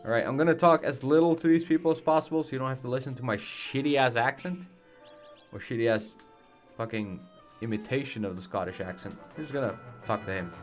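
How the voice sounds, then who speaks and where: A man's voice: medium pitch, brisk, faint music behind. A man doing casual let's play commentary, rambling in a laid-back way and swearing freely.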